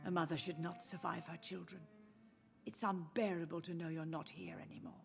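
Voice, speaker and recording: An actress voicing a confused, grieving elderly mother in a game, speaking in a breathy, voice that drifts in and out of clarity. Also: on the low side, level tone, brisk, soft background music. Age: older. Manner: wandering, sorrowful, drifting between lucidity and confusion. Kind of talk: studio game dialogue.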